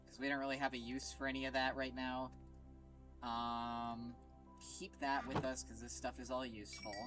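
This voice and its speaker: A woman streaming a game, reacting in an excitable, foul-mouthed way and laughing often. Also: rumbling low, moderate pace. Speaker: gaming streamer. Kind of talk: casual let's-play commentary. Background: game music.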